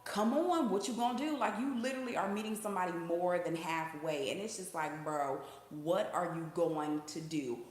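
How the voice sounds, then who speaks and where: A woman hosts a casual spiritual reading in a chatty, slangy style and keeps asking her viewers "okay?". Her voice sits slightly low. The room around her is very echoey. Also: normal speed, hardly any pauses. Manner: breaks into sung snippets. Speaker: intuitive reader, channel host.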